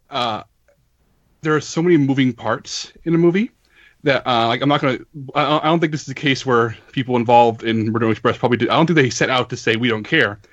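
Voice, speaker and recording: A man from the United States co-hosting a casual podcast discussion, talking in a measured way with many fillers. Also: mid-range voice, a bit bright, dry recording, muffled recording. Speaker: podcast co-host, film editor.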